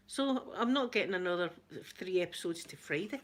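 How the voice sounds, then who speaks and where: The ASMR livestream host, a middle-aged woman with a Scottish accent, speaks briskly in a lowish voice with lively intonation. Chatty and quick to laugh, she hosts a casual chat and reads out comments from viewers.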